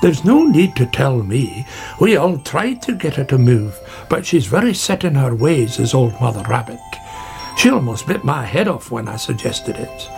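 A man voices a gruff, steady badger who grumbles and mutters. His tone sits a little lower and gravelly. Soft music runs under the storybook reading. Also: normal speed. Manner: grumbling, matter-of-fact.

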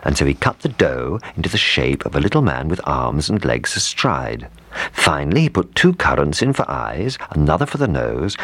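A man reading a children's storybook aloud, in an animated, expressive way. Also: a bass voice, husky, dry recording. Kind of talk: storybook narration.

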